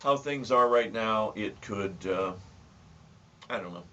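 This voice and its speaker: A man's voice: lowish voice, slow pace, pushed and bright, slight background noise. A man hosting a casual home video, giving folksy tips and telling a joke with dry humor and stammered restarts. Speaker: host. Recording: distant, dull lo-fi sound.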